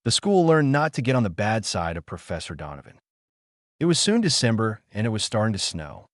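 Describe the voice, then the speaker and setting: Lively male storybook narrator. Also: lowish voice, no echo, studio quality. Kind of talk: scripted fan-fiction narration.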